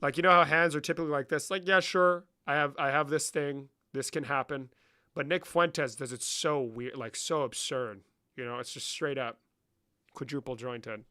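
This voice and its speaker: A man's voice: on the high side, steady tone, moderate pace, sharp tone, clean tone, no echo, studio quality. A young man live-streaming, casually reading chat comments and answering them with lots of swearing. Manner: profane, reads chat aloud and answers.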